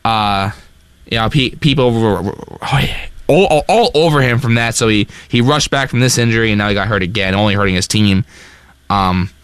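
A young man co-hosting a casual sports talk show, excitable and self-deprecating, often restarting his sentences. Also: lowish voice, a little fast, smooth, no echo. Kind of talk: casual sports radio chat.

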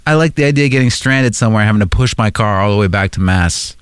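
A man from Massachusetts co-hosting a call-in show, telling animated stories and laughing easily. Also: lowish voice, fast, clear, resonant tone, no echo, clean studio sound. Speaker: radio show co-host. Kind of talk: casual banter.

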